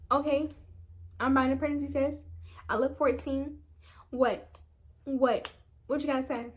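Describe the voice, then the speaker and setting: Young woman, animated storytelling, slangy, direct to viewers, slightly high voice. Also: measured pace. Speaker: vlogger. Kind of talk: storytime vlog.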